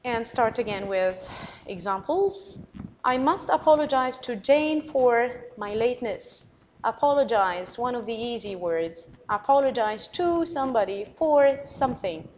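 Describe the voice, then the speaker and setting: With a fairly high voice and an Arabic accent, a woman teacher guides students through English words, spelling each out letter by letter, repeating slowly and offering warm praise. This recorded lesson is rough, with a faint hiss beneath her.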